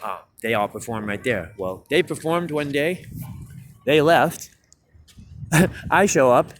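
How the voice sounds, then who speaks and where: A man talking casually to camera outdoors, rambling and swearing, with many fillers, growing indignant as he gets worked up. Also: slight background noise. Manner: rambling, profane, fillers like "you know what I mean"; indignant, rising pitch when worked up. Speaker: street musician vlogger. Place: outdoors by a city building.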